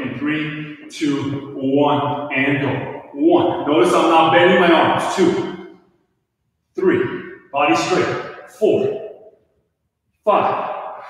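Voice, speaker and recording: Guy coaching a workout, counting reps, kinda breathless, far off the mic in a big echoey room. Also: high voice. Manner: counts reps aloud, brisk motivating cues. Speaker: fitness instructor. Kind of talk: live home workout coaching.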